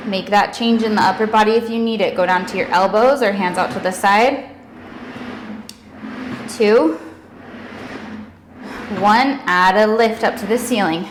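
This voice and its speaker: A woman's voice: medium pitch, measured pace, pauses often, a little hiss or hum, poor audio. A young woman leading a workout, counting down and cheering, out of breath at times. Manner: energetic cueing with counting and whoops. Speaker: fitness instructor. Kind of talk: workout instruction cues.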